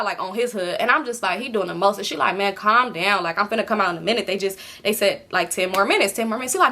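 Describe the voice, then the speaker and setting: A young woman vlogger casually telling a storytime, rambling in slang and acting out what others said with sudden pitch jumps. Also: slight background noise. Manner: animated retelling, acts out quotes with pitch jumps; heavy slang and filler, fast rambling.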